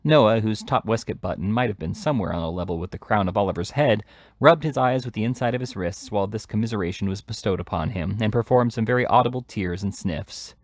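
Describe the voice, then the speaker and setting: A man reading a classic novel aloud in steady, measured narration. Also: on the low side, no room sound, clean studio sound. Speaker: hobby reader.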